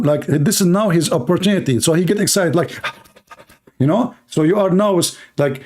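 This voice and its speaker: This livestream host speaks at normal speed in a slightly high, slightly mellow voice. He talks to his viewers in broken English, a mocking, sarcastic satirical monologue.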